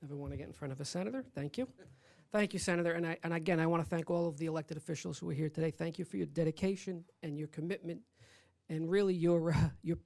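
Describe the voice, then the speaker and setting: Earnest labor leader with a mellow voice. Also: male voice, on the high side, fairly even intonation, quick pace, vocal fry, dry recording. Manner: grateful, earnest. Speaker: state labor federation president. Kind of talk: press conference remarks.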